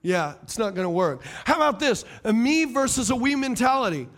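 A middle-aged male pastor preaches a sermon in an extremely high, sing-song voice that is brisk and a bit bright. With a preaching cadence, he repeats key phrases and fires rhetorical questions at his congregation.

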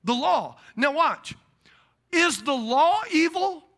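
A middle-aged man preaching a sermon, animated and acting out voices of the people in his stories. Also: extremely high pitch, slow. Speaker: pastor.

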